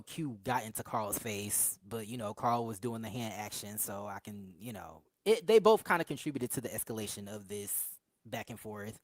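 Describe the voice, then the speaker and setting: A woman's voice: rumbling low, dry recording. A woman co-hosting a casual show review, talking through scenes with laughs and acted-out quotes. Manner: chatty, laughing, acts out quotes in asides. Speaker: podcast co-host reviewing a reality show. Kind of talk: casual recap chat.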